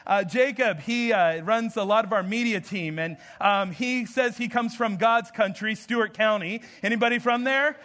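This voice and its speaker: A pastor from the American Southwest delivers a sermon in a notably high voice for a man. He keeps it loose and conversational, joking with the congregation and laughing between points. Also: normal speed, hardly any pauses, bright, forceful tone.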